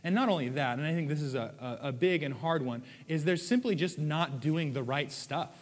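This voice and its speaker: A man's voice: on the high side, moderate pace, big-room sound. A man preaching a sermon in a conversational way, with playful acted asides. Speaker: pastor.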